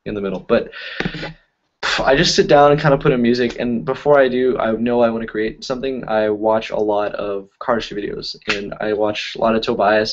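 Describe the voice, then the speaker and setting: A man's voice: mid-range voice, muffled recording. A man hosting a casual live stream about magic, telling stories in a rambling way, correcting himself and laughing often. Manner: rambling, self-correcting storytelling with frequent laughs. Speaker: YouTube magic and cardistry creator. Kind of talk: casual live-stream chat answering comments.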